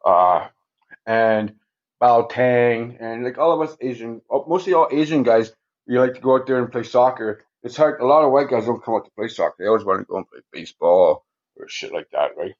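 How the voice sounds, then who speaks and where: This muffled clip has a man speaking a little fast in a mid-range, darkish voice. As a podcast guest he tells stories loosely and rambles, cursing nonstop and tagging "right?" onto the end of his sentences.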